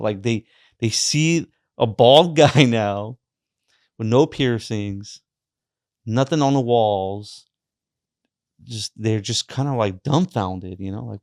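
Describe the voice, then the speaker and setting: A young man, a podcast guest, telling his personal faith story in a halting way, with many restarts and fillers. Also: lowish voice, a little mellow, no echo, studio quality.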